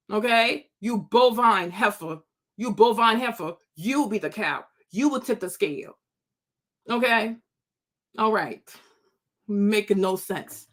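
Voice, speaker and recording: A woman's voice: medium pitch, a bit bright. A woman hosting her own commentary channel, scolding and mocking critics in a sassy, unscripted rant full of laughter.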